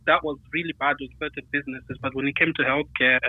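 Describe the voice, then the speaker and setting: A man's voice: mid-range voice, steady tone, fast talker, no room sound. A man talking casually about running a business, hesitant, with many fillers and restarts. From United Kingdom. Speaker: guest. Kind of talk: casual conversation. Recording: tinny phone line, dry.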